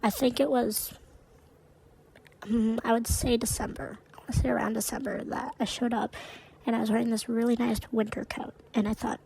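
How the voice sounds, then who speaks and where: A woman's voice: fairly high pitch, flat delivery, moderate pace, darkish tone, a little hiss or hum, low-quality recording. A woman co-hosting a podcast, chatting casually and recounting a story with lots of "like" in her speech. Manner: chatty, heavy use of "like". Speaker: podcast co-host.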